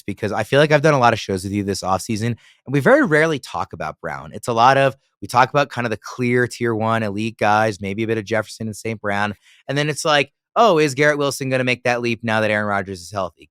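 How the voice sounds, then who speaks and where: A man's voice: fairly low pitch, quick pace, fairly bright tone, smooth, dry recording, clean studio sound. A man hosting a casual sports analysis chat, moderating and putting questions to his guests. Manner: moderating, leading the talk with questions. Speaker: podcast host.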